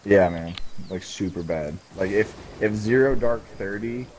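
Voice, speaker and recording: A man telling an army story in a casual chat, with swearing in almost every line. His voice sits low and sounds mellow and dark. A faint hiss sits under it. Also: a little slow. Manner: profane storyteller. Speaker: guest, former soldier.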